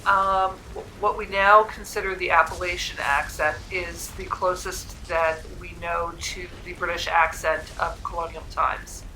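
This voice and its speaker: Calm woman explaining history. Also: fairly low pitch, a little slow, few pauses, a little hiss or hum, rough recording. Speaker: player. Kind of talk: explanatory aside in a game. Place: library room.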